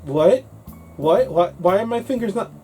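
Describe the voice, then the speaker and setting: A man co-hosting a casual English-learning talk show, telling a story in an animated way and acting out his younger self. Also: high voice, moderate pace, soft background music.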